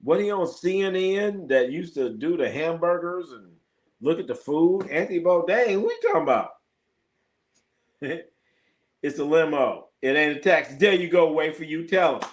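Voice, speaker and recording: Animated, profane man telling stories. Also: fairly high pitch, normal speed, a little hiss or hum. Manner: animated, profane, laughs often, acts out quoted exchanges. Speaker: live sports show host. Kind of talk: casual live-stream chat, storytelling.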